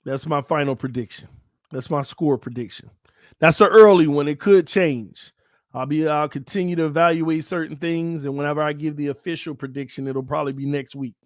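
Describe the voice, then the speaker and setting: Guy with a high voice doing fan chat, playful and excitable, dry close sound. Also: no echo. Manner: playful, excitable, swings between calm and shouting. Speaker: sports channel host. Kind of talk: casual fan commentary to viewers.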